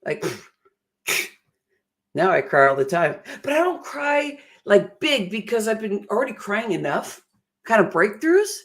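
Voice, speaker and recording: A woman's voice: medium pitch, big pitch swings, unhurried, pauses often. A middle-aged woman giving an emotional, earnest motivational talk, often laughing at herself. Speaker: motivational speaker.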